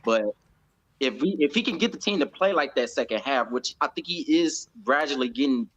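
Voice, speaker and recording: A man with an American accent, chatting casually as a pundit on a fan show, animated and laughing often. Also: mid-range voice, brisk, dull audio. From United States. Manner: animated, laughs often, acts out quotes in a raised voice. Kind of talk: casual post-match chat.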